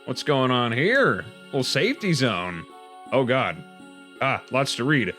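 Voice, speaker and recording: A man's voice: mid-range voice, lively intonation, unhurried, pushed and bright, soft background music. A young man giving casual, chatty let's-play commentary as a gaming host, rambling with joking asides.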